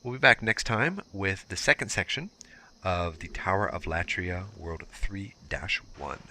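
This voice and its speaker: A man's voice: deep voice, expressive, a little slow, bright, forceful tone, slight background noise. A young man giving casual, explanatory walkthrough commentary over gameplay, with filler words as he goes. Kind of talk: let's play walkthrough commentary.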